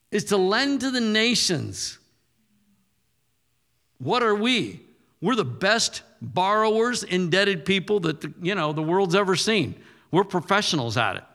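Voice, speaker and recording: Guy preaching, kinda high voice, casual then gets punchy and loud, big echoey hall. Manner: conversational, punchy, rising to forceful declarations. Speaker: pastor. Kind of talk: sermon.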